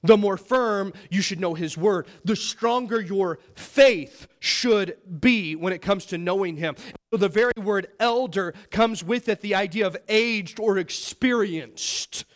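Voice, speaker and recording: A young adult pastor preaches a sermon earnestly and emphatically, often checking in with the congregation by asking "all right?" and "okay?" His voice rises when he mimics others and drops low for prayers.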